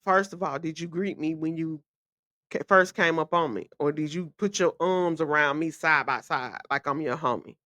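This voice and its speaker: A woman's voice: low voice, normal speed, bright, forceful tone, no room sound. A woman, hosting a podcast and giving blunt, emphatic advice in a casual monologue. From Memphis, USA. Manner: blunt, emphatic, repeats key phrases. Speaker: podcast host.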